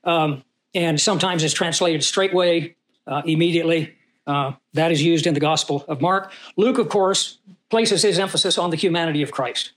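A man's voice: a little high, steady tone, moderate pace. A man teaching a Bible study, who reads scripture aloud and puts questions to his class.

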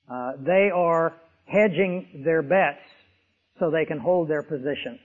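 A pastor preaches an expository sermon, emphatic and full of vivid illustrations, at a measured pace in a slightly high voice. It sounds like a tinny radio broadcast with long reverb.

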